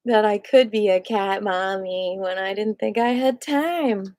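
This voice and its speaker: A woman leading a live qigong class, gushing and encouraging, swooping high on affectionate words. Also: measured pace, rough recording. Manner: gushing, sing-song, warmly encouraging. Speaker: qigong and yoga instructor. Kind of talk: live online movement class.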